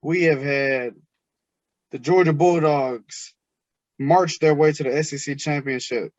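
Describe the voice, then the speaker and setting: A man hosts a casual sports podcast in a slightly raised, animated voice, teasing the others. The recording is dry and somewhat lo-fi, with muffled highs. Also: a little slow, no room sound. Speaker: podcast host.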